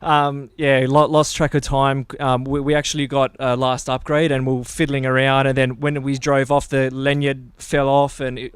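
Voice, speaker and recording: A man, a tournament angler, answering the host's questions in a relaxed, slightly halting way. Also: mid-range voice, clear, resonant tone, dry recording. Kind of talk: casual interview answers.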